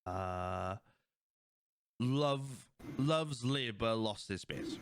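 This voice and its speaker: A young man hosting a casual podcast chat, rambling and animated as he retells scenes. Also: on the low side, drawn-out words, dry recording, clean studio sound. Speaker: podcast host.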